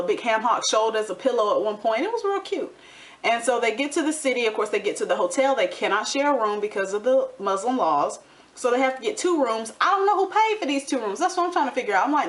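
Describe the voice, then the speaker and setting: A woman's voice: medium pitch, a bit bright. A young woman giving a sassy, gossipy recap of a reality show, with playful quoted asides. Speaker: recap vlogger. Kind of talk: casual TV recap commentary.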